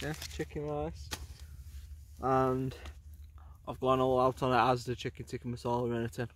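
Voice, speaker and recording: Chatty man with a flat voice. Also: mid-range voice, normal speed, a little hiss or hum. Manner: chatty, rambling, with many fillers. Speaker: outdoor vlogger. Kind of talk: casual vlog chat. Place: outdoors on a windy coast.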